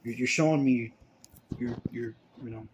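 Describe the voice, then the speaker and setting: A young man pours out a rambling, confessional monologue, stumbling over his words and starting sentences again and again. His voice sits in a middle range and slides between low mutters and sudden louder bursts. A faint hum of ambience runs under it. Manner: halting, stammering, many restarts and repeated words; emotional, confessional, swings between mumbling and loud bursts. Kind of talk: rambling personal monologue to camera.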